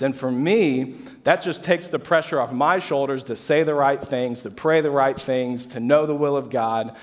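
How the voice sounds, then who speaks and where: A man's voice: on the high side, steady tone, normal speed. A young man preaching a sermon to an audience, telling a story with casual asides and repeated phrases. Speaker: pastor. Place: hall with an audience. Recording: long hall reverb.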